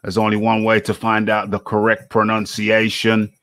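A man's voice: lowish voice, monotone, normal speed, fairly bright tone, no room sound. A man hosting a live online boxing interview show, chatty, repeating his phrases as he talks through his setup.

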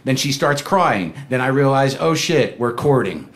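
A man's voice: medium pitch, animated, unhurried, heavy background noise. Neurotic middle-aged male stand-up comic. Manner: neurotic, rambling storytelling that jumps into acted-out quotes. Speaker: stand-up comedian. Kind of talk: stand-up comedy set. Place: comedy club stage with a live audience.

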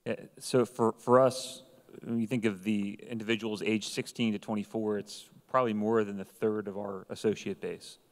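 A man speaking on a conference panel as a retail executive, explaining business practices in a measured way. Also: on the low side, level tone. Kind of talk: panel discussion. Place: conference hall. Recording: echoey conference hall.

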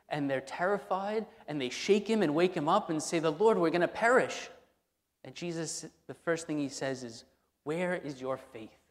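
A man preaching a sermon as pastor, speaking conversationally and repeating key phrases for emphasis. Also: on the high side. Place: church sanctuary. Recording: long hall reverb in a church.

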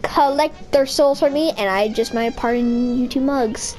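A young gamer voicing a sly, booming male devil who owns a casino, read with gloating boasts. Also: measured pace, a little mellow, faint music behind, close to an everyday voice.

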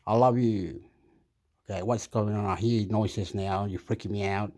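A man's voice: on the low side, steady tone, normal speed, a little mellow. A man giving rambling, crude commentary over a news clip, swearing often and slipping into Spanish. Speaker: video commentator.

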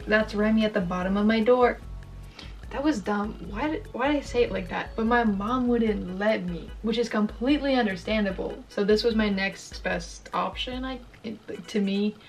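A woman's voice: medium pitch, far from the mic, poor audio. A young woman vlogging casually as she paints, rambling and joking at herself. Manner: rambling, self-mocking, chatty. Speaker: YouTuber. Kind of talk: casual chat while painting.

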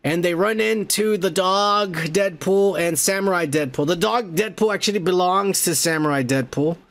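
A man's voice: sits high, moderate pace, a bit bright. A man hosting a podcast who recaps a film in a rambling, profane, casual way. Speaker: podcast host.

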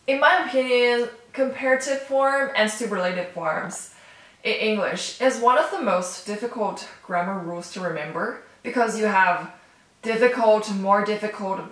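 A woman teaching an online language lesson, who speaks slowly and repeats each word several times. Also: mid-range voice, fairly bright tone, heavy reverb, recorded from a distance, rough recording.

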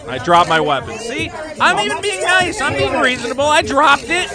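A man hosting a casual commentary vlog, talking in an excitable, rambling, exasperated way. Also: very high voice, normal speed, over loud music, over a noisy crowd. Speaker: channel host.

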